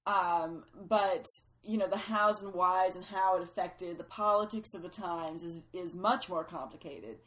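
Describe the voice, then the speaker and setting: A woman's voice: on the low side, a little slow, a bit bright, poor audio. A woman casually explaining the history behind a film, agreeable and filling her sentences with ums.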